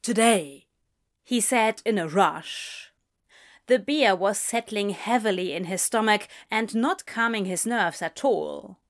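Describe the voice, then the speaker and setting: A woman reads a story aloud in a calm, measured way. Her pace is slow and deliberate, and her voice sits in a middle range. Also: medium pitch. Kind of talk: audiobook-style story narration.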